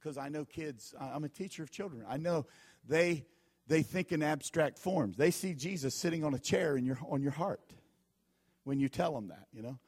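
A man's voice: on the high side, animated, normal speed, darkish tone, husky, dry recording, clean studio sound. A man preaching a sermon as pastor, telling folksy stories and repeating his warnings with emphasis.

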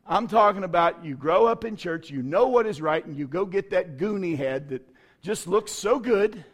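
High-pitched man preaching a sermon. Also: expressive, moderate pace. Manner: folksy storytelling with bursts of preaching. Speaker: pastor.

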